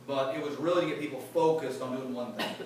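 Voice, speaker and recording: His voice is medium-pitched, steady, and somewhat dark, and he talks fast. He's a man in sales leadership, joking and chatting through a casual motivational talk at a company event and quizzing the live audience. Recorded from a distance in a big echoey room, the clip carries background noise.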